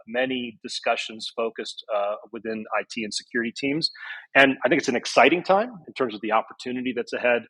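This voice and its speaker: A man lays out his points on a podcast in a measured, explanatory manner. His voice is mid-pitched with a husky edge. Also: fairly bright tone, rough recording. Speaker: product strategy guest. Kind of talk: podcast discussion.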